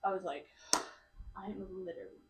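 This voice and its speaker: A woman's voice: fairly low pitch, normal speed, far from the mic, noisy background. A young adult woman, a podcast guest, chatting casually and rambling through a story with lots of filler words. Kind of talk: casual chat. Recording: roomy sound from off mic.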